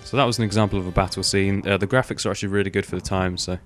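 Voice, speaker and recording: Low-voiced guy rambling over gameplay. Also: fairly even intonation, very fast, fairly bright tone, faint music behind. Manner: rambling, swears casually, many fillers. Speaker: gaming video host. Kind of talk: casual gameplay commentary.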